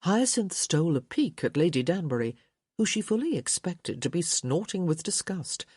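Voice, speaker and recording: A woman narrating an audiobook in an expressive, measured storytelling manner. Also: on the low side, husky, no room sound, clean studio sound. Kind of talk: scripted narration.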